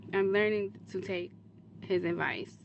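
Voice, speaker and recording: A woman's voice: medium pitch, fairly even intonation, measured pace, vocal fry, dull audio, slight background noise. A woman speaking in a clip, giving an earnest, defensive monologue to camera that rambles from point to point. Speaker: social media creator in a played clip.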